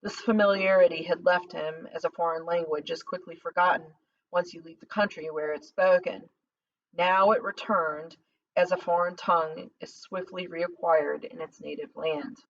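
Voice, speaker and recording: A woman narrating a novel as an audiobook, in a measured, dramatic reading. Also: lowish voice, fairly even intonation, slight background noise. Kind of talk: scripted narration. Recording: slightly distant dull lo-fi recording.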